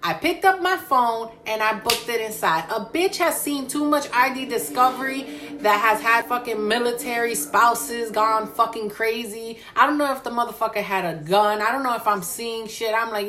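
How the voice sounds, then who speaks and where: A woman in her thirties casually telling a spooky personal story with lots of profanity and animated asides. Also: a little high, moderate pace.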